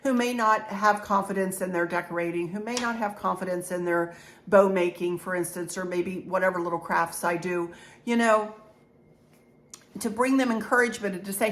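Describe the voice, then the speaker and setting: A woman's voice: medium pitch, normal speed. Middle-aged woman, rambling home decor vlogger, encouraging tone. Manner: warm, rambling, encouraging, with many restarts. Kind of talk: chatty haul vlog.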